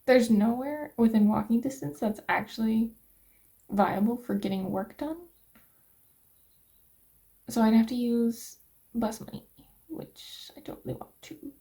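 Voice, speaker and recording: A young American woman chatting casually to her vlog viewers from a rented flat, rambling and laughing often. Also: on the high side, measured pace, long pauses. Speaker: vlogger. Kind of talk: casual vlog chat to camera.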